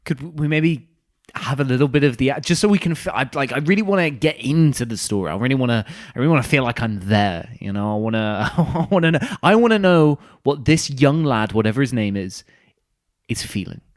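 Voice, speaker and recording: A man's voice: mid-range voice, expressive, brisk. A man, co-hosting a podcast and chiming in with teasing, jokey banter. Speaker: podcast co-host. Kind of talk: casual banter.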